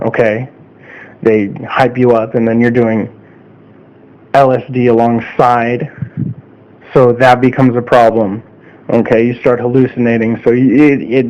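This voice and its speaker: A man talks straight to his audience in a casual opinion monologue, earnest and mid-pitched, tagging his points with a questioning "okay?". The sound is slightly dull and lo-fi. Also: darkish tone. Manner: earnest, repeats "okay?" often. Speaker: vlogger.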